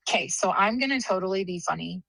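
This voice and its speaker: A woman's voice: mid-range voice, fast, creaky, fairly bright tone, no echo, low-quality recording. A woman in her thirties chatting casually on a podcast, rambling through stories and laughing often. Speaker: podcast co-host, sister. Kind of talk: casual chat.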